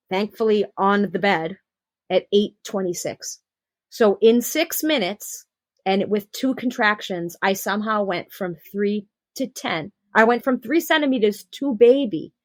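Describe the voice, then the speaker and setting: A young adult woman, a guest on a podcast, tells her personal birth story with animation, acting out the quotes. Her voice is mid-range, with no echo.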